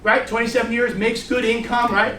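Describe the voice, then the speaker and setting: A middle-aged man with a fairly high voice runs a brash, salty sales training session. He sounds distant and echoey, as if a mic across the room caught him. A faint hiss of room noise sits under his talk. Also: flat delivery, fairly quick, bright, forceful tone. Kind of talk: energetic training talk with stories.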